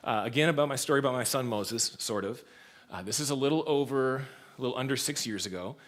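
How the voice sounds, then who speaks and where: Here a man in his thirties preaches to a church congregation, telling stories at a fast clip in a mid-range voice. Frequent laughter and lively changes in volume mark his delivery as a pastor.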